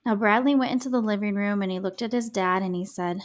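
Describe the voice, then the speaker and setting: A woman's voice: medium pitch, fast talker. A young adult woman hosting a true crime podcast, telling the case in a casual, sarcastic way, full of "like" and swearing freely. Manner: chatty, sarcastic, frequent "like" filler, swears freely. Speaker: podcast host.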